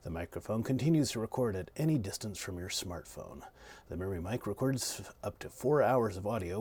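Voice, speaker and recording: A man's voice: low voice, a little mellow, slightly rough. A man reviewing a small wireless clip-on mic, reading its product copy in a mock radio announcer voice. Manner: mock broadcast announcer delivery.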